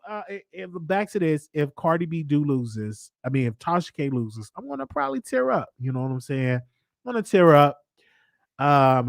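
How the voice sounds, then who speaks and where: A man's voice: medium pitch, dry recording, clean studio sound. A man with a Southern US accent hosting a live call-in talk show, chatty and repetitive, laughing often. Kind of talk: casual live call-in commentary.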